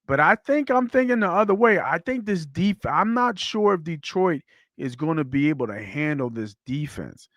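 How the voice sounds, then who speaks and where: A man's voice: fairly high pitch, normal speed, no room sound. Blunt, fired-up man talking football. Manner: blunt, animated, swears freely. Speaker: podcast host. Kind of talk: casual sports talk.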